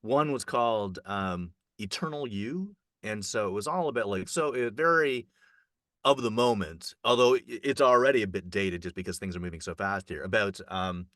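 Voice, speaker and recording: A man reporting casually on a film festival, rambling with fillers and restarts and jumping up in pitch when excited. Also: normal speed, no room sound, clean studio sound.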